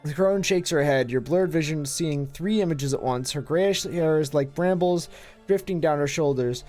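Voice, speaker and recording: A streamer reading game text aloud on a live stream, in a low dramatic narrating voice with musing asides. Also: moderate pace, a little mellow, soft background music.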